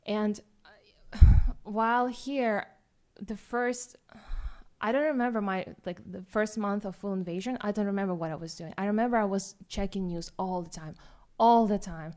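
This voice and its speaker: A young woman with a Ukrainian accent tells her own story at a forum, halting and self-deprecating, with many restarts. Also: mid-range voice, dark tone. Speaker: guest speaker, student.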